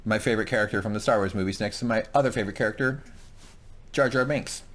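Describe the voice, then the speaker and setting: A man's voice: on the low side, fast, a bit bright. A man co-hosting a show review in casual chat, joking and swearing and acting out scenes. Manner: joking, profane, acts out scenes.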